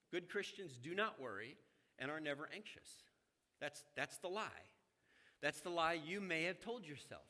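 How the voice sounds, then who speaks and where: Male preacher, fairly high bright voice, lively sermon delivery, church hall echo. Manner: conversational, animated, addresses congregation directly. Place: church sanctuary.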